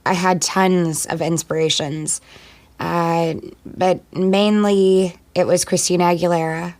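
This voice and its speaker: A woman, a singer and actor, answering interview questions in a chatty, playful way and firing off quick one-word replies. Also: fairly low pitch, steady tone, darkish tone.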